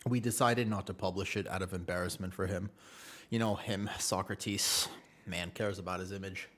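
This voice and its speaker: This low, steady voice belongs to a man in his twenties who streams games, and it has a fairly bright tone at a normal speed. He chats with viewers in a relaxed, jokey, meandering live-stream style.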